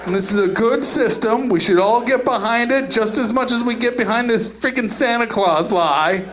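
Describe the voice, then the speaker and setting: A man doing stand-up on a comedy club stage, delivering outrageous lines in a brash, deadpan way. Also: extremely high pitch, moderate pace, a little hiss or hum. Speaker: stand-up comedian and channel host.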